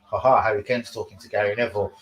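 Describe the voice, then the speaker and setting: A man hosting a casual live stream, sweary and excitable, talking to his chat about football. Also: fairly low pitch, rapid-fire, echoey room, rough recording.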